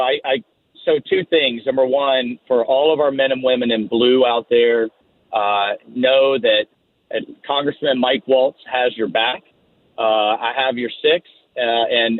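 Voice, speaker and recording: A man speaking as a congressman guest on a radio show, firm and steady in his talking points. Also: medium pitch, no room sound. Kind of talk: phone-in radio interview. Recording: tinny phone line.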